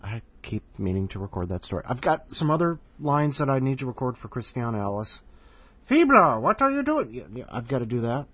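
A man's voice: mid-range voice, fast talker, few pauses, no echo, muffled recording. A man hosting a podcast, rambling and self-deprecating between segments. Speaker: podcast host.

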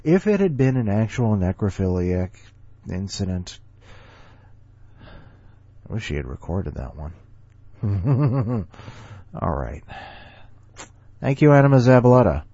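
A man's voice: lowish voice, sing-song, slow, pauses often, warm tone, no echo. A man hosting a story podcast, reading stories aloud and rambling jokingly between them. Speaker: podcast host. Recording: dull lo-fi recording with faint music.

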